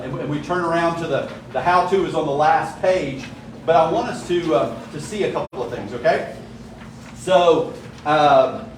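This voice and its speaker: A man's voice: a little high, slight background noise. Man teaching from far back in an echoey room. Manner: storytelling, frequent "right?" check-ins. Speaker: Bible study teacher. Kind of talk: conversational Bible study teaching. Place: church room.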